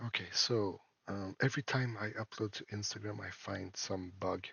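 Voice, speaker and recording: A man, an indie game developer and a father, talks through his game in a casual devlog, halting and full of fillers and restarts. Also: on the low side, steady tone, creaky, sharp tone, breathy edge, no room sound. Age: adult, a parent. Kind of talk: casual screen-recorded devlog.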